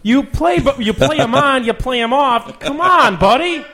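A man's voice: very high-pitched, lively intonation, moderate pace, vocal fry, pushed and bright. A man interviewing a comedian after his set, teasing him in loose, casual banter. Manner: teasing, loose, friendly ribbing.

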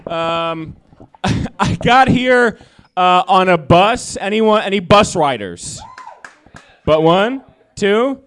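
A man with a high voice performs stand-up comedy, animated and self-deprecating as he works through his jokes. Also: extremely slow, clean tone. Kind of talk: stand-up set.

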